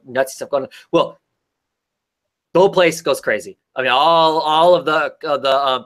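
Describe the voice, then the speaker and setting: Recapping a comic story for a podcast that reviews comics, a man chats casually in a bright, forceful mid-range voice. His talk wanders, packed with fillers and restarts.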